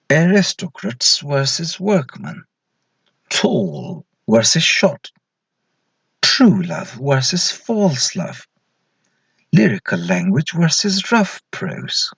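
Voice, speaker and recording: A man's voice: fairly high pitch, wildly swooping pitch, takes it slowly, long pauses, fairly bright tone, breathy edge, dry recording. A man giving a recorded slide lecture as an English lecturer, posing questions to students and then answering them himself.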